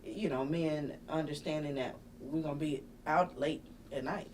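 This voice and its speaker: A woman's voice: sits low, steady tone, normal speed, darkish tone, distant mic, a little hiss or hum. A woman comedian in her forties, telling stories in loose casual chat. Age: 40s. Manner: storytelling, loose, trails off. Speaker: comedian guest.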